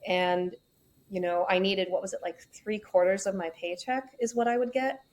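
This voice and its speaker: A woman's voice: medium pitch, fairly even intonation, normal speed, rough recording. A woman in a candid interview, telling her story frankly with wry asides. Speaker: podcast guest.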